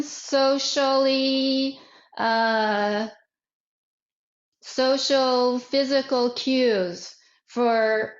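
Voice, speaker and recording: A woman leads a self-defense workshop in a slow, deliberate way, circling back and restarting her phrases. Her voice sits a little high. The recording is roomy and echoey, and the sound is dull and muffled. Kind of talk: workshop instruction. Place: online workshop.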